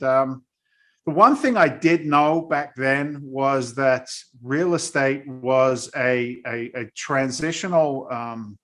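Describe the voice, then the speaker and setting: A man's voice: medium pitch, fairly bright tone. A man, a guest in a casual interview, telling his story bluntly and with animation. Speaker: guest, real estate investor.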